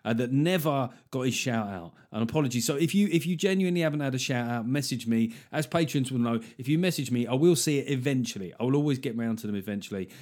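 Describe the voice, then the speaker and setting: A man hosts his own podcast solo, chatting casually and jokily and rambling through asides and acted-out quotes. His medium-pitched voice has lively intonation and is a little mellow, moving fast with few pauses.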